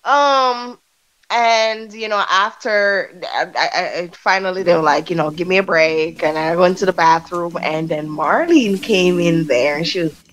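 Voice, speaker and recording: A woman's voice: fairly low pitch, measured pace, a bit bright. Jamaican woman, podcast guest, casual candid talk, blunt and profane, trailing fillers. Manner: frank, profane storytelling with laughs and trailing fillers.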